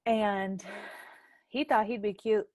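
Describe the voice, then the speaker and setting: A young adult woman hosting a casual family podcast chat, an animated storyteller who laughs often and acts out quoted lines loudly. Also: mid-range voice, slow pace, no room sound. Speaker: podcast host.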